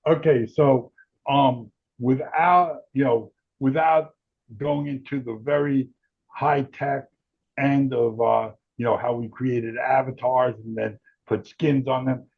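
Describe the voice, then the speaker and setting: A man's voice: medium pitch, steady tone, slow, vocal fry, breathy edge, narrow, tinny audio. A man, a guest on an interview podcast, explaining his product in a loose, rambling way. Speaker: guest, tech founder.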